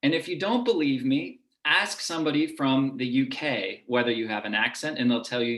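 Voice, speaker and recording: A man with a lower Midwest American accent giving an online lecture and demonstrating vowel sounds as he explains. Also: fairly quick, hardly any pauses, fairly bright tone, echoey room. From United States.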